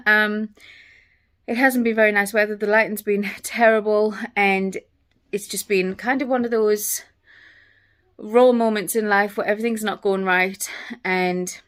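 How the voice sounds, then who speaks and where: A woman's voice: mid-range voice, fairly bright tone. A pregnant-sounding woman, chatting casually at home in a vlog, out of breath and rambling. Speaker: vlogger. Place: indoors at home.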